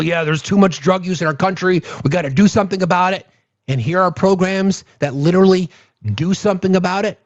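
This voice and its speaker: A man's voice: high voice, no room sound, dull audio. A man hosting a casual livestream chat, talking bluntly with the odd curse word. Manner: blunt, profane, conversational. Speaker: host.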